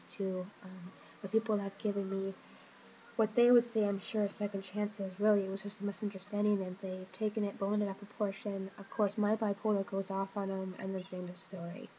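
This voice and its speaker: A woman speaking to camera in a personal confessional vlog, hesitant and emotional, stopping often with pauses and fillers. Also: medium pitch, level tone, mellow, slight background noise, low-quality recording. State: emotional, hurting. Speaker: vlogger.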